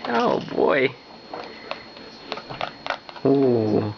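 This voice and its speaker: A man's voice: high voice, wildly swooping pitch, takes it slowly, gravelly. A man using playful baby talk while feeding a baby at home, laughing often, on a muffled home video with background noise.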